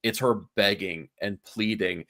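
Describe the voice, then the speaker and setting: Low-voiced man breaking down a comic. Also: unhurried, creaky, fairly bright tone. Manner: earnest, analytical, repeats words for emphasis. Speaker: podcast co-host. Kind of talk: casual comic book review chat.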